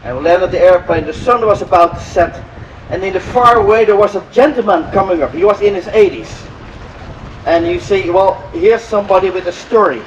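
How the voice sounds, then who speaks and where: An older man from Europe tells an audience a story in a high voice and acts out each exchange with lively repeats. He is picked up by a mic some distance away. Faint vehicle noise hums behind him outdoors. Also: brisk, highs cut off. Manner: animated, acts out dialogue, repeats phrases. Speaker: inspirational speaker.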